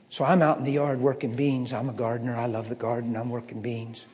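A man preaching a personal story, swinging from hushed asides to loud emphatic lines. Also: mid-range voice, little pitch movement, brisk, few pauses. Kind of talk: storytelling sermon. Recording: long hall reverb.

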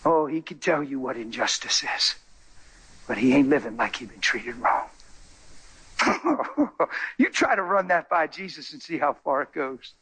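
Husky, animated preacher man. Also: fairly high pitch, unhurried. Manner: animated, acts out people in his stories. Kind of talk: sermon with storytelling.

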